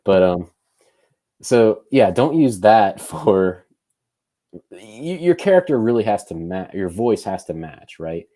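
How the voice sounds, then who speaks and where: A man's voice: on the low side, very animated, takes it slowly, warm tone. A man co-hosting a podcast, thinking aloud in loose, casual conversation. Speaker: podcast co-host.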